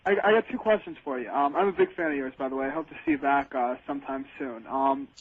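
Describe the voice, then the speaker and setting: A man's voice: fairly high pitch, lively intonation, fast talker, creaky, a little hiss or hum. A man calling in to a radio show, asking his questions eagerly and hedging with fillers. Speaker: caller. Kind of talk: call-in question. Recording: tinny phone line.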